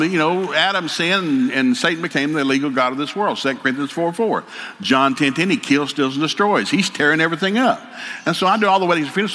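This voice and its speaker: Older man preaching, bright and joking. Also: high voice, a little hiss or hum. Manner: joking, storytelling, country humor. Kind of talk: folksy sermon. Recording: hall reverb, faint ambience.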